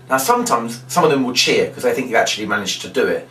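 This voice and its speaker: A man's voice: mid-range voice, expressive, fast talker, few pauses, fairly bright tone. Man explaining a magic trick. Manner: chatty, explaining step by step. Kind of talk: instructional demonstration. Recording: roomy, distant mic, faint background noise.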